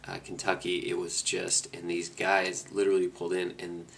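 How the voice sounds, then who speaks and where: Gravelly low-voiced man recapping a ride. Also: moderate pace, a little hiss or hum. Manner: rambling, restarts often, relaxed storytelling. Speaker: motorcycle rider on a cross-country trip. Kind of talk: casual spoken recap.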